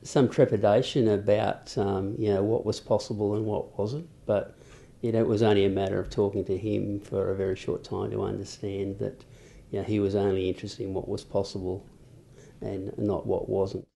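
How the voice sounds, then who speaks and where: An Australian educator speaking in a measured, considered way in an interview. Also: male voice, on the low side, level tone, gravelly, dark tone. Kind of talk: documentary interview.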